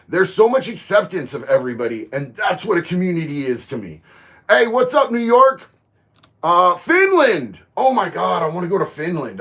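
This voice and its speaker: A man, chatting casually on a livestream, reading viewer comments and getting loud and emphatic on his opinions. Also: fairly high pitch. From Florida. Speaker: livestream host.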